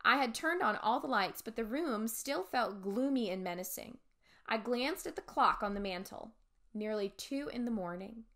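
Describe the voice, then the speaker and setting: A woman's voice: on the high side, animated, moderate pace, fairly bright tone. A woman teacher reading a chapter book aloud to a class, stopping to explain words in simple terms.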